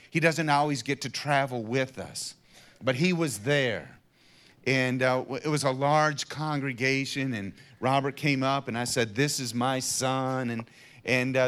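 A middle-aged man earnestly telling a personal faith testimony in an interview, dropping to a hush and then rising to emphatic passages. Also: medium pitch. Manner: earnest storyteller, swings from hushed to emphatic. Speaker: guest sharing a personal testimony.

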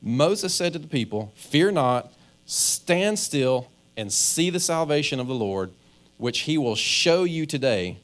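A man's voice: a little high, big pitch swings, a little slow. Man preaching in a conversational way. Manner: conversational preaching, acts out inner voices, stammers on restarts. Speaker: pastor. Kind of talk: sermon.

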